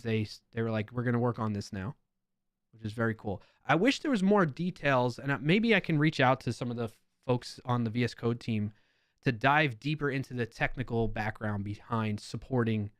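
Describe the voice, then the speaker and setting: A man's voice: mid-range voice, fairly bright tone, no echo, studio quality. Chatty New York man live-streaming. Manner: chatty, reads comments with playful emphasis and laughs. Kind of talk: casual live-stream commentary reading comments aloud.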